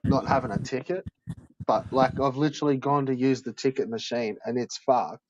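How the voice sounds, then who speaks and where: A man's voice: medium pitch, normal speed, no room sound. A man rambles through a story, cursing freely and leaning on "like" at every turn. His voice comes through dry and a little muffled, like a lo-fi recording. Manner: swears a lot, heavy use of "like", animated retelling. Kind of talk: casual storytelling chat.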